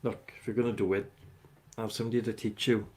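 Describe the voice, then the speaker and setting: A man's voice: fairly low pitch, little pitch movement, fast talker, mellow. A man hosting a casual livestream, rambling as he chats with viewers by name. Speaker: livestream host chatting with viewers. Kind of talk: casual live chat.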